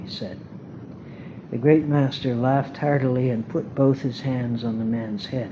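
A man reading a story aloud in a measured, earnest way at a spiritual gathering. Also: mid-range voice. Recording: muffled tape with hiss.

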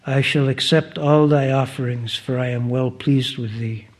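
A man's voice: medium pitch, fairly even intonation, moderate pace, close to an everyday voice. A man reading the lines of God in a parable, solemn and formal in old-fashioned speech. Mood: consoling. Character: God, solemn and gently reproving.

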